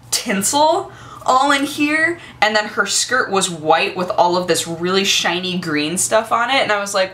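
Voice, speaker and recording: A young woman in her twenties chats casually to the camera on her vlog in a medium-pitched voice. She's gushing and excitable, with lots of fillers.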